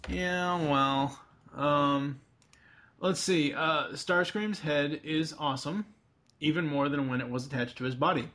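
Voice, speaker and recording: A man's voice: a little high, steady tone, measured pace, pushed and bright. A man co-hosting a podcast, chatting casually about a cartoon, rambling with lots of fillers, restarts and the odd swear. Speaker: podcast co-host. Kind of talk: casual chat.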